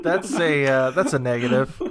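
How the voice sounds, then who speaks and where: A man's voice: medium pitch, normal speed, a loud crowd. A man co-hosting a casual podcast, joking in a dry, wry way. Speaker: podcast co-host.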